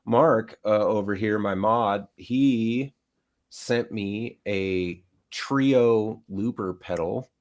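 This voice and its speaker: Man, middle-aged, low-pitched, casual rambling chat, stream co-host. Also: very slow. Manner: rambling, filler-heavy.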